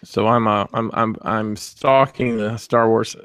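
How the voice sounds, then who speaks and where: Gravelly laid-back podcast guy. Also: lowish voice, fairly even intonation, a little slow, a bit bright, dry recording. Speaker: podcast co-host. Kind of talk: casual chat.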